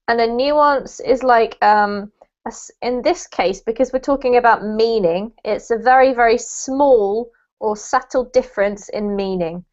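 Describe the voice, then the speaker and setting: Woman, English teacher on a video call, patient explainer, slightly high voice, muffled line. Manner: patient, explains slowly with checking questions. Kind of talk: online language lesson.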